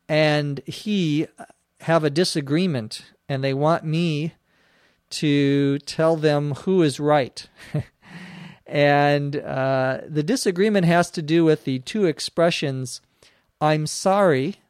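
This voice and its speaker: Guy explaining english phrases real slow, spells words out, dry close sound. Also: fairly high pitch, clean tone, dry recording. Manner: slow and careful, spells out words, frequent "uh" fillers. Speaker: English teacher answering listener questions. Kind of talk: slow explanatory podcast lesson.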